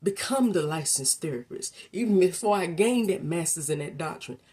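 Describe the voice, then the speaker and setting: A woman delivers a faith-based motivational talk in a low, slightly husky voice. She speaks straight to the listener in a colloquial, preacherly way. She drops to a near hush, then builds to emphatic peaks. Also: animated, moderate pace. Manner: preacherly, swinging from hushed to emphatic; colloquial, direct address to listener.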